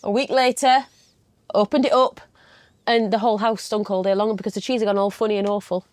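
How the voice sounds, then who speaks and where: A woman's voice: mid-range voice, fairly even intonation, brisk, a little mellow, no echo. A woman co-hosting a casual chat, telling stories sent in by viewers in a chatty way. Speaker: co-host.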